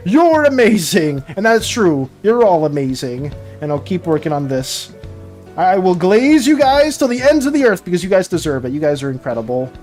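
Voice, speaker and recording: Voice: medium pitch, darkish tone. A streamer chatting casually with viewers while drawing, stammering and repeating words, emotional and flustered.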